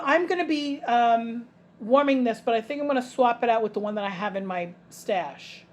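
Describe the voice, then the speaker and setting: A woman's voice: on the high side, slight background noise. A woman in her fifties with a New York accent, chatting casually and bluntly through a product haul, rambling with restarts. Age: 50s. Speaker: vlogger, home fragrance seller.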